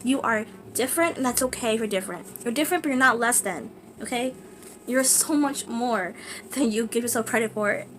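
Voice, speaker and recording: A woman vlogging casually, gushing and excitable, with lots of fillers. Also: a little high, brisk, a little hiss or hum. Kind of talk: casual book vlog.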